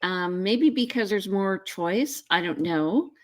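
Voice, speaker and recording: A woman's voice: medium pitch, expressive, slow pace. A woman hosting a real estate show in casual chat, with many ums and restarts. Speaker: real estate agent, host.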